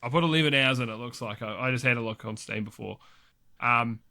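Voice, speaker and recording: A man with a mid-range, sharp-toned voice talks a little fast as a podcast co-host in casual chat. He swears freely, laughs often, and keeps restarting his sentences.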